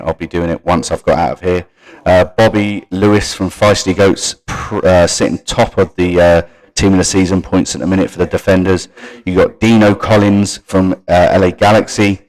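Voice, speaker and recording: A man's voice: low-pitched, flat delivery, brisk, a little mellow, low-quality recording. A man hosting a live gaming stream. He runs through league standings and stats and talks casually to his viewers. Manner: reads league stats off screen and chats to viewers. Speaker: stream host.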